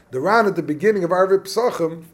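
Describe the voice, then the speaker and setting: A man leading a Talmud study class, explaining the text animatedly and thinking aloud with quick restarts. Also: high voice. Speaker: Talmud teacher.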